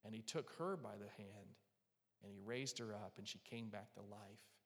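A man's voice: on the low side, moderate pace. Man preaching in a reverberant hall. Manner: earnest preaching, softening to a hush for quoted words of comfort. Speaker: pastor. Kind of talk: sermon. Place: church hall with live and online audience.

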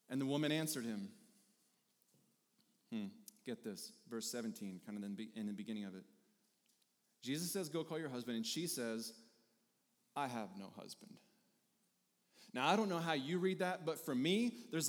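Man preaching in a reverberant hall. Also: fairly high pitch. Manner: animated, conversational preaching with repeated phrases. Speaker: pastor. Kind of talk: sermon.

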